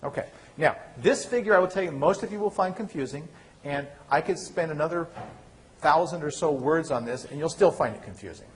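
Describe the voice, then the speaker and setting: A man giving a university lecture, lively and asking the class questions he then answers himself. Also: fairly high pitch, brisk, a little hiss or hum. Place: lecture hall.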